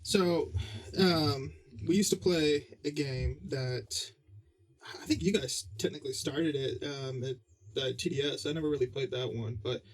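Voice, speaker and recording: A young man, a guest on a podcast, speaking in casual chat with hesitant, halting sentences. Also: medium pitch. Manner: hesitant, many fillers and restarts.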